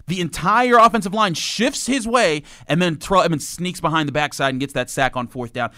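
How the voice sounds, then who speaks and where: A man guest analyst on a sports talk show, talking casually and excitedly, with his pitch jumping up when he describes plays. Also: fairly quick. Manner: animated, excitable, jumps in pitch when telling a play.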